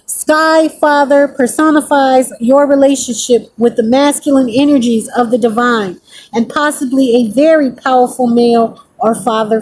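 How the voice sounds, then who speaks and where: A woman's voice: sits high, a little mellow, slight background noise, poor audio. A woman giving a spiritual oracle card reading, speaking emphatically and checking in with "okay?" as she reads card text aloud. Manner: emphatic, repeats points with "okay?" check-ins.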